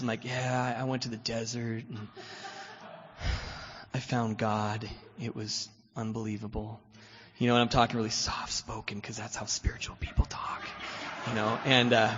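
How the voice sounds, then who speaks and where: A man shares his recovery story as a guest speaker, rambling and self-mocking, leaning on "you know" between every thought. His voice is bright and forceful. The recording is dull and lo-fi, with a long reverb from the meeting hall. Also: mid-range voice. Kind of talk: personal recovery testimony.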